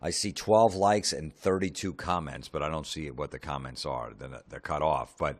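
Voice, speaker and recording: A man hosting a comedy podcast, ranting sarcastically with lots of swearing and deadpan asides. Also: a bass voice, normal speed, hardly any pauses.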